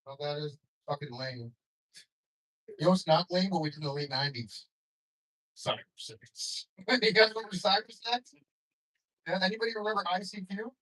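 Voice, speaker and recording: Young male stand-up comic, slightly high voice, dry delivery with chuckles. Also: normal speed, pauses often, pushed and bright, rough recording. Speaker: stand-up comedian. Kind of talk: stand-up comedy set. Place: comedy club stage with audience.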